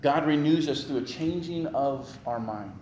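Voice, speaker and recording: A man preaching a sermon as pastor, animated, with rising emphasis and repeated phrases. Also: fairly high pitch, moderate pace. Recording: echoey room with faint ambient noise.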